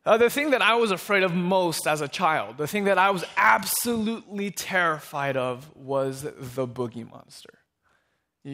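A man's voice: sits high, a bit bright. A young man preaching a sermon, telling stories and asking the congregation questions in a conversational way. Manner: conversational storytelling, asks the crowd questions. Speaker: pastor.

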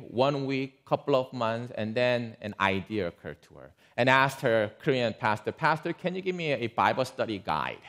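Male pastor, sermon storytelling, lively up-and-down pitch, asides to listeners.

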